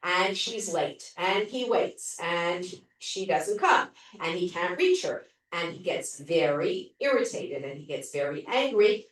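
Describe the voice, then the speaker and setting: A woman gives a chatty book review, retelling the story with an animated, rising-and-falling voice. She sounds far from the mic in a very echoey room. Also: fairly low pitch, a little slow. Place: library room.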